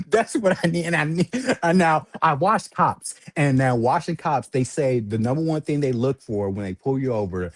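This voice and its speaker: Husky man telling a lively story. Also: normal speed, no room sound. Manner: animated, laughs often, jumps into high voices when quoting. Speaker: livestream host telling a story. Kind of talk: casual storytelling.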